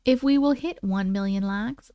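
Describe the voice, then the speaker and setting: On a dry recording, a woman with a smooth, mellow, medium-pitched voice talks at a normal speed. She's hosting a livestream, chatting casually with viewers and reading their stories out in a playful, chatty manner, with casual swearing mixed in.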